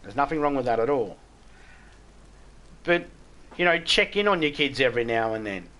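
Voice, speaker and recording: A man's voice: mid-range voice, expressive, moderate pace, bright, forceful tone. A middle-aged Australian man chatting bluntly with viewers on a live game stream, swearing freely and stumbling over restarts. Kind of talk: casual live-stream chat.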